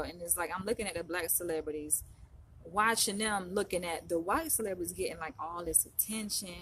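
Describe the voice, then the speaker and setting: Chatty woman vlogger, lower voice. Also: a little hiss or hum. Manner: chatty, rambling, full of fillers. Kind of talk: casual chat to camera. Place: in Los Angeles.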